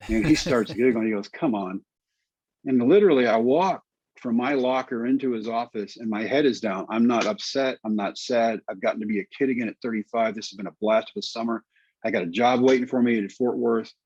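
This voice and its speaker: A middle-aged man telling his story as an interview guest, lively and quoting others in voices. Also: medium pitch, a little fast, breathy edge, dull audio. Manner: animated storyteller, quotes people in voices. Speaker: guest, former pitcher.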